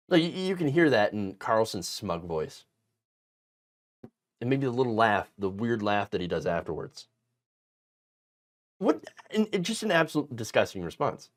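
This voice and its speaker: A man's voice: lowish voice, sing-song, normal speed, pauses often. A man hosting an online political commentary show, talking in an indignant, emphatic way with frequent fillers and restarts.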